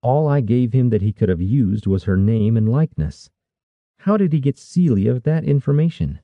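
A man's voice: medium pitch, sing-song, normal speed, dry recording, phone-quality sound, pitched above the performer's own voice. A man voicing an earnest young male warrior who speaks with urgent, demanding questions.

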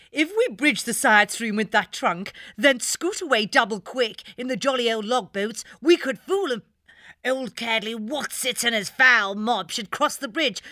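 A man's voice: very high-pitched, pushed and bright, dry recording, clean studio sound, voice pushed up, exaggerated voice. A man voicing a jolly, plummy young woman adventurer who talks in breezy upper-class slang.

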